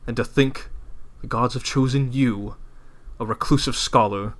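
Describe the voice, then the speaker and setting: A man voicing an arrogant young male elite student who talks slowly, loudly and with a sneer in a tabletop game. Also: mid-range voice, steady tone, natural voice. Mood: contemptuous. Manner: slow, loud, sneering delivery.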